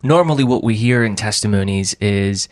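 A male interviewer asking measured follow-up questions about a guest's testimony. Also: on the low side.

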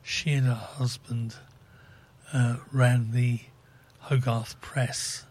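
A man co-presenting on community radio, reading the news and dryly grumbling about books in a deadpan way. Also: mid-range voice, drawn-out words. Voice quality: husky. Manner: dry, fussy, deadpan. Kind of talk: casual radio chat.

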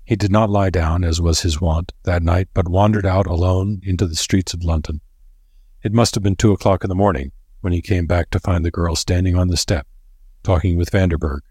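A man narrating a novel in a measured, dramatic storytelling manner. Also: sits low, steady tone, mellow, husky, no echo, clean studio sound. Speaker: audiobook narrator.

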